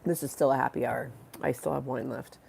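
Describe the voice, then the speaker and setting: A woman's voice: extremely low pitch, steady tone, a little fast, gravelly, darkish tone, slight background noise. A congested woman hosting a live stream, rambling and giggly as she chats with viewers and reads the chat aloud. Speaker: livestream host.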